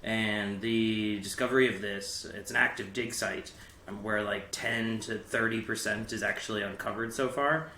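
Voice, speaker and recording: A man's voice: on the low side, steady tone, moderate pace, bright, forceful tone, reverberant, a little hiss or hum. A man co-hosting a podcast, explaining things casually and loosely with lots of fillers. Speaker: podcast co-host.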